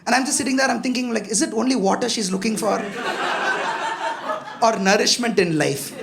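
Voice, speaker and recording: A man's voice: high voice, a little fast, creaky, very noisy. A young man performing a stand-up comedy set, chatty and self-mocking, often talking straight to the crowd. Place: comedy club stage with a live audience. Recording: live club with loud crowd laughter. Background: audience laughter.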